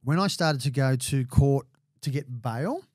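A man's voice: mid-range voice, animated, a little slow, a little mellow, no echo, clean studio sound. An Australian man in his forties, a podcast guest, telling stories in a rambling, profane way, full of "mate" and restarts. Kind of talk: casual storytelling.

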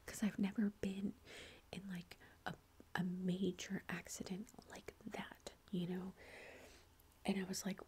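ASMR creator, female, whispers throughout in a very breathy tone, casual and rambling. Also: mid-range voice, flat delivery, moderate pace, darkish tone. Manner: rambling storytelling with many fillers.

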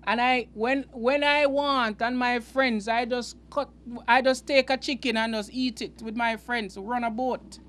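A man's voice: very high-pitched, fairly even intonation, measured pace, hardly any pauses, a bit bright. A man hosting a Bible teaching show, explaining scripture in an earnest, emphatic way that often halts and repeats words. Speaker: preacher and host.

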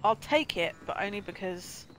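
A young woman giving chatty, excitable commentary while streaming a game. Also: mid-range voice, moderate pace, slight background noise. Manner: chatty, excitable, talking to herself. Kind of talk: casual live gameplay commentary.

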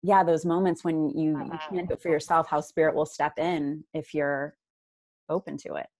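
A woman's voice: low-pitched, level tone, normal speed, a little mellow, dry recording. A woman hosting a casual interview, responding supportively with many fillers and reflections. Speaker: interviewer, host.

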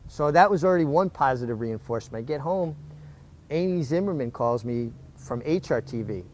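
A middle-aged man speaks at an ordinary pitch, telling his story in a relaxed interview. He talks animatedly, often restarting his sentences as he goes. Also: fairly quick, slight background noise. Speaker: former jockey, interview guest.

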